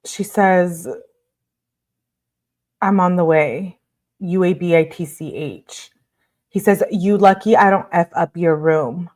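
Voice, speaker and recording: A woman's voice: lowish voice, slow pace, pauses often, darkish tone. Casual woman reading texts aloud. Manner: reads messages aloud with blunt asides. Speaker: commentator reading text messages aloud.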